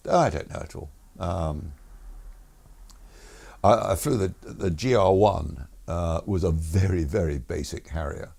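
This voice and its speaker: Deep gravelly older man. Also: a little slow, a little mellow. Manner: chuckles through stories, many fillers and restarts. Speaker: retired air force officer guest. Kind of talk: relaxed anecdotal interview.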